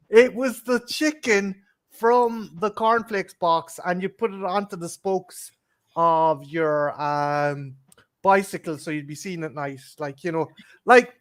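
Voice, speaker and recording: Rambling, foul-mouthed Irish man. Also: sits high. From Ireland. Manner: rambling, swears a lot, often laughs mid-sentence. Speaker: co-host. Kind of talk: casual chat.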